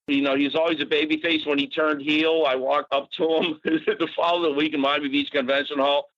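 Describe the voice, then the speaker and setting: A man in his sixties from Massachusetts, a podcast guest telling stories in an animated, casual way with swearing and fillers. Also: a little high, fairly quick, no echo. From Natick, Massachusetts. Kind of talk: casual storytelling. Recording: dull dry podcast audio.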